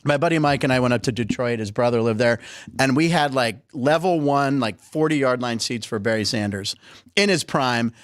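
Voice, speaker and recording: A man's voice: medium pitch, moderate pace, no room sound, studio quality. A middle-aged man hosting a sports show, telling stories in a chatty, joking way. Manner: chatty, jokey, animated storytelling. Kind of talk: casual sports talk.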